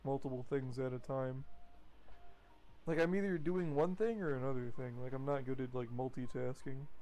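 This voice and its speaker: A man's voice: a little high, darkish tone. A man rambling casually while commentating his gameplay, chatty and swearing now and then. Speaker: gaming streamer.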